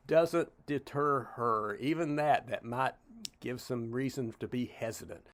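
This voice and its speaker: A man's voice: mid-range voice, a little slow. A middle-aged man from Tennessee, teaching a Bible study as a pastor in a conversational way, with frequent "uh" and "you know" asides.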